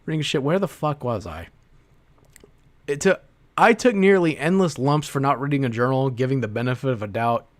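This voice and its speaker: Male streamer, slightly high voice, casual profane rant with sarcastic asides. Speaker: livestreamer. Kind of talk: livestream rant, reading messages aloud.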